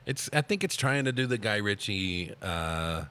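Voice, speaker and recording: A man's voice: lowish voice, animated, unhurried, pushed and bright, smooth. A man co-hosting a podcast in casual chat about a film, laughing often and chiming in with short remarks. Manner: laughs a lot, adds short agreeing remarks. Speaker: podcast co-host. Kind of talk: casual movie review chat.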